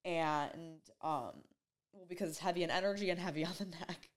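A woman's voice: on the low side, normal speed. Young woman telling an emotional story. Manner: rambling and emotional, heavy use of "like". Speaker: vlogger. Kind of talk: casual storytelling to camera.

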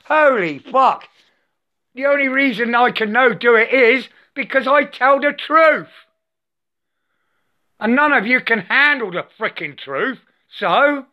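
An older man delivering an angry, profane, preachy monologue to the camera, repeating himself and saying "I" for "my". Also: very high-pitched. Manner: profane, repetitive, preachy, says "I" for "my". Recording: dull lo-fi sound.

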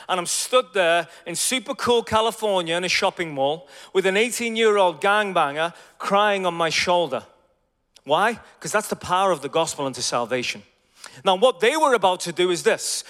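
Preacher guy, 40s, high voice, big echoey hall, goes quiet then loud. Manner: animated, swings from hushed asides to loud exclamations. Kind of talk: storytelling sermon.

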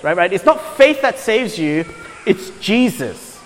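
A man's voice: high voice, very animated, measured pace. A man preaching a conversational sermon, often checking in with "right?" as he explains. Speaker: pastor. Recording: long hall reverb.

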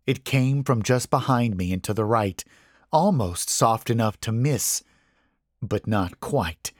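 A man narrating a scary story in a slow, hushed, tense delivery. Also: medium pitch, expressive, no room sound, studio quality. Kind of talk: scripted horror story narration.

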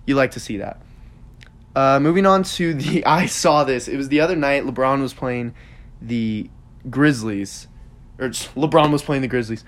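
A man's voice: mid-range voice, moderate pace. A young man hosting a podcast, rambling through sports opinions in casual chat with lots of fillers. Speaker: podcast host.

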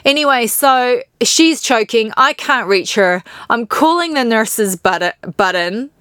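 A woman's voice: fairly high pitch, animated, slow, few pauses, fairly bright tone, smooth, dry recording. A woman from New Zealand with a New Zealand accent, hosting a podcast and candidly, emotionally retelling personal stories. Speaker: podcast host.

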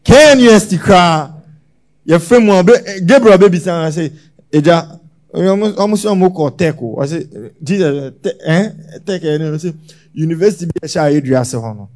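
A man preaching a sermon as pastor, swinging between loud shouts and hushed lines. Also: on the high side, expressive, normal speed.

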